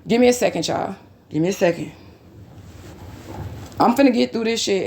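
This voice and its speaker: A woman's voice: mid-range voice, normal speed, vocal fry, long pauses, a little mellow. A woman from St. Louis recording an emotional vlog. She is upset and agitated, blunt and profane, and keeps adding emphatic "okay?" asides. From St. Louis, USA. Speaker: vlogger. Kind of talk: emotional vlog recounting old messages.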